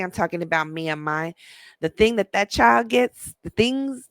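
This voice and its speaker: A woman's voice: medium pitch, no room sound. Chatty emphatic woman vlogger, dry sound. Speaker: parenting vlogger. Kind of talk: casual monologue to camera.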